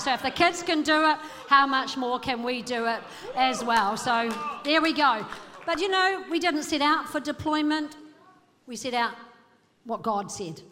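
A woman's voice: sits high, a bit bright. A woman preaching a sermon to her congregation, exhorting with rhetorical questions. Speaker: pastor. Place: church hall. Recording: reverberant hall with music underneath.

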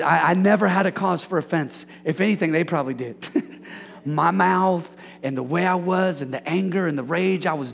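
A man preaching a lively sermon as pastor, joking and calling out to the congregation. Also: fairly high pitch, creaky. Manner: animated, preachy, jokes with congregation. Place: church sanctuary. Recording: hall reverb.

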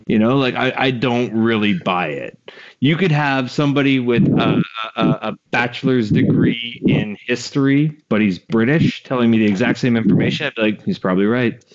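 A man's voice: medium pitch, normal speed, noisy background. A man co-hosting a podcast in casual, rambling, joking chat. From Canada. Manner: rambling, joking, drops into mock voices. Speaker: podcast co-host. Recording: muffled online call audio.

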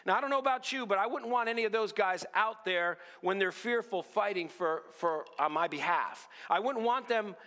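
A man preaching an earnest sermon, often dropping to a low hush on key lines. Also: moderate pace, few pauses, long reverb tail. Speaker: pastor.

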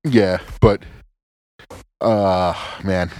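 A man's voice: sits low, drawn-out words. A man talking casually as a podcast co-host, sarcastic and profane, often stammering and restarting his sentences. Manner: animated, sarcastic, swears a lot, stammers and restarts.

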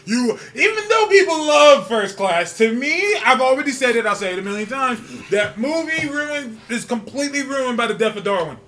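Very high-voiced man, joking and emphatic. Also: very animated, moderate pace, few pauses, a bit bright, a little hiss or hum. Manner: joking, emphatic, uses slang and profanity. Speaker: podcast co-host. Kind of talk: casual movie-ranking banter.

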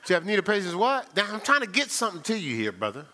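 A man's voice: high voice, wildly swooping pitch, fast talker, pushed and bright. A male pastor preaching a sermon, playful and teasing with his congregation.

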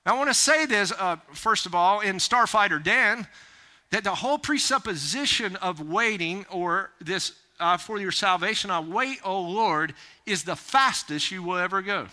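Man, pastor, sermon, high bright voice, smooth and clear, lively folksy delivery. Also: normal speed. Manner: animated, rising to near-shouts when urging haste; folksy, plain-spoken asides.

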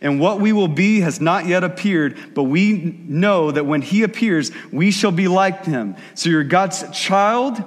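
A male pastor preaching a sermon in a conversational style, acting out quick asides in the voices of the people he describes. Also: high voice, expressive, long reverb tail.

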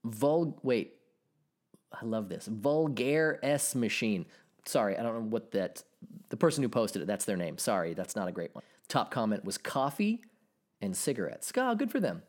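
A man's voice: on the low side, normal speed. Solo podcast host, thirties man, swears freely, voice swings up and down a lot. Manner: animated, profane ranting.

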